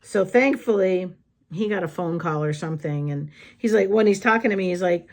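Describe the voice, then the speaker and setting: A woman's voice: on the low side, moderate pace, darkish tone. A woman vlogger telling candid, blunt stories in a casual chat while she does crafts.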